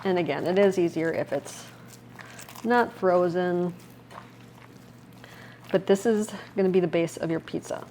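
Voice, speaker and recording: A middle-aged woman from Wisconsin, chatting warmly as she walks viewers through a recipe in her home kitchen. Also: on the low side, unhurried, long pauses, a little hiss or hum. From Wisconsin, USA. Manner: chatty and upbeat, talks viewers through each step. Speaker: cooking vlogger. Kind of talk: casual cooking demonstration.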